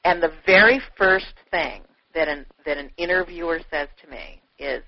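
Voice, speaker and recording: A woman author, a guest being interviewed, telling stories in an animated, effusive way, full of "you know" fillers. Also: sits low, normal speed, no echo. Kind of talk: chatty interview storytelling. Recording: dull, dry lo-fi radio audio.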